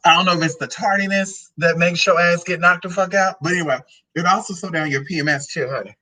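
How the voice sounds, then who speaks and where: A woman's voice: fairly low pitch, fairly even intonation, fast talker, pushed and bright, poor audio. A transgender woman vlogging casually about drinks and food, sassy and profane, rambling from one tangent to the next. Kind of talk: casual product-review vlog.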